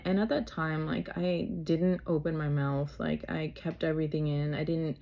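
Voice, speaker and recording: Young woman, podcast host, low voice, warm mellow tone, candid halting storytelling. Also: fairly even intonation. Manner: candid, halting, many fillers and restarts. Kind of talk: personal storytelling.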